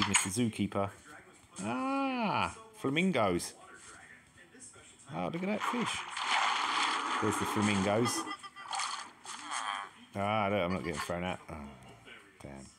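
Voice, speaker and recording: This gaming channel host has a fairly low, fairly bright voice that swings widely in pitch. He's unhurried and leaves long pauses as he explores a game map in casual let's-play commentary, exclaiming at each new discovery.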